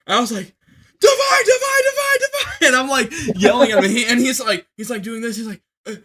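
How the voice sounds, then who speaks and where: A young man telling a war story on a podcast, rambling with many fillers and restarts, and shouting when he acts out commands. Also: extremely high pitch, fast, husky.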